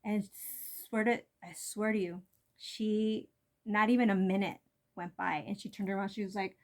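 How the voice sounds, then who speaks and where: A woman's voice: mid-range voice, fairly even intonation, moderate pace, darkish tone. A woman hosting an energy medicine vlog, explaining tapping and breathing techniques in a casual, rambling way with lots of fillers. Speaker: energy medicine channel host.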